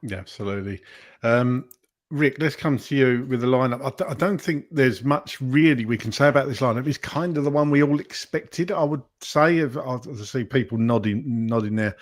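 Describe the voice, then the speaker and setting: A man of middle pitch hosts a casual football podcast in an easygoing way. He thanks donors and reads out viewer questions between plenty of ums and uhs, then hands over to his guests. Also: normal speed. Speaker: podcast host.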